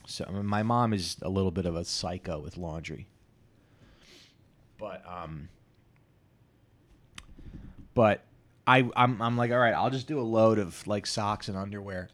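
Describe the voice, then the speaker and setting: Male podcast host, 30s, lowish voice; crude, self-deprecating solo monologue full of stops and restarts. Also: fairly bright tone.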